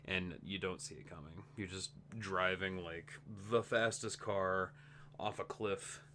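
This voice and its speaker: A man with a fairly low voice hosts a casual update vlog for his gaming channel. He sounds tired and rambles, often breaking off and restarting his thoughts. A faint hum sits under the recording. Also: fairly even intonation, measured pace, sharp tone. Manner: rambling, self-interrupting, chatty.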